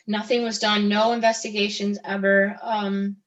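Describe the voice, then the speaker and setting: A middle-aged woman speaks as an interview guest, recounting her own experience at a mid pitch. Her delivery is halting, breaking off and restarting her sentences, with pauses between thoughts. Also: fairly even intonation, rough recording. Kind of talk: personal testimony in conversation.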